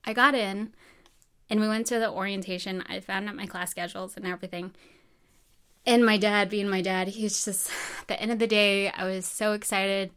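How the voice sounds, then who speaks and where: A woman's voice: medium pitch, fairly even intonation, normal speed, fairly bright tone, clean tone. A woman from New Mexico telling her own story in a casual, chatty way, full of fillers and acted-out dialogue. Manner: chatty, many fillers, acts out quoted dialogue.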